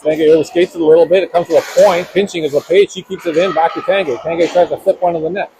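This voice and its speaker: A man's voice: on the high side, fairly even intonation. Man calling hockey over rink noise. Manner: rapid running description with self-corrections. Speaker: play-by-play announcer. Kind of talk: live hockey commentary. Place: ice rink.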